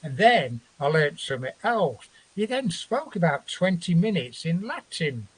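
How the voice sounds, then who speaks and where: A man with a slightly husky, fairly high voice tells a long story as a guest on a chat show. He rambles, swears and acts out the voices of people in his tale. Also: very animated, a little slow. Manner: rambling, profane, acts out quotes.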